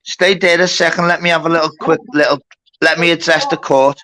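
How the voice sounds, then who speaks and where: A man's voice: a little high, fairly even intonation, brisk, bright, forceful tone, dry recording, poor audio. Bossy man running a live-stream court. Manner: bossy, sweary, keeps order. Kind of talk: casual live-stream moderation.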